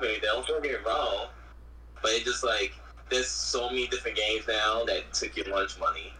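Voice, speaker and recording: A man's voice: lowish voice, normal speed, bright, forceful tone, a little hiss or hum, rough recording. A man co-hosting a podcast, bantering and teasing in casual chat. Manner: joking banter, playful teasing. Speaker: podcast co-host.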